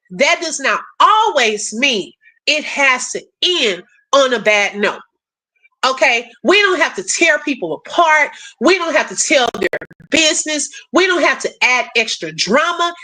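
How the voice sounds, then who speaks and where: A woman hosting a casual livestream, reading viewer messages aloud and answering them in an animated, prayerful and emotional way. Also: high voice, measured pace. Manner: animated, laughs often, calls viewers sis and y'all. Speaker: livestream host. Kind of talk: casual live chat with viewers.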